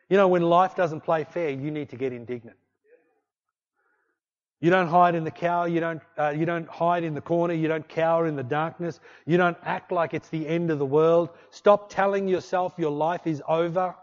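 A man preaches with fervent repetition, driving home his refrains and dropping to quiet intensity between loud surges. His voice sits a touch high. The recording is muffled and lo-fi, like an old church tape. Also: moderate pace. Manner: impassioned, repetitive exhortations with swings between loud and hushed. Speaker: pastor. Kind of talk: sermon.

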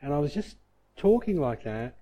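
A man preaching a sermon and telling a personal testimony, conversational, dropping to soft low asides and rising to loud, emphatic declarations. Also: very animated, moderate pace.

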